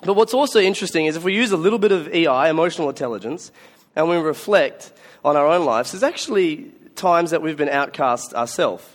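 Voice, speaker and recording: A man's voice: a little high, expressive, a little fast. A man preaching a Christmas sermon, telling stories in a conversational, self-mocking way. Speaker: pastor.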